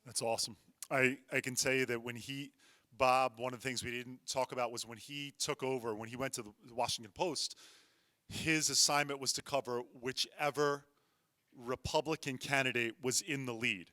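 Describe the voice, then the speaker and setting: A man's voice: mid-range voice, steady tone, moderate pace, bright, forceful tone, no room sound. A man hosting a school talk, casually explaining things to the students. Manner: conversational, addressing students. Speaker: interviewer at a school event.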